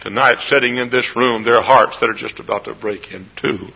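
A middle-aged man from Texas, a pastor preaching a sermon in a church. He climbs into loud emotional peaks, then drops back to quiet, confiding storytelling. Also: mid-range voice, fairly quick, creaky, breathy edge. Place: church sanctuary. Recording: dull lo-fi sermon tape.

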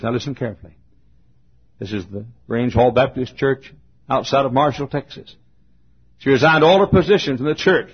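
Husky older preacher, fervent sermon. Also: male voice. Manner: fervent preaching, swings from shouts to low asides. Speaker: pastor. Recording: dull lo-fi sermon recording.

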